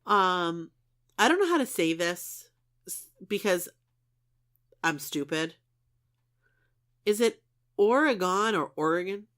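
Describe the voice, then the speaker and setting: Woman, podcast co-host, lower-pitched voice, chatty, reads stories aloud. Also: big pitch swings, slow pace, long pauses, fairly bright tone. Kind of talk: casual podcast chat.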